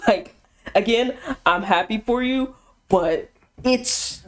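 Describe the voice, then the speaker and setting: A woman's voice: on the high side, slow pace. A woman chatting casually on a live stream, teasing her co-host bluntly and laughing often.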